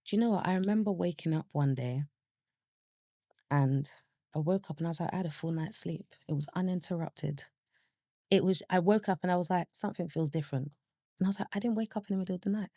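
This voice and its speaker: Young woman, low pitch, candid guest who tells her story animatedly. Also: fast, no room sound, clean studio sound. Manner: animated, acts out her own past thoughts in quoted asides. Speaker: podcast guest.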